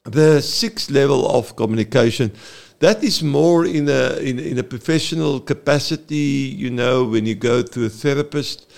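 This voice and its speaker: A man, a therapist, explaining earnestly in an interview, halting often with fillers. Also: medium pitch, vocal fry. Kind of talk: explaining in a talk-show interview.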